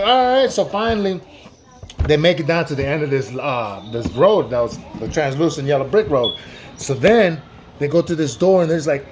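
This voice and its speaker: A man's voice: a little high, a little mellow, a little hiss or hum. A man improvising a made-up story in a loose, rambling, slangy way, full of "like" and "dude". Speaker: storyteller host.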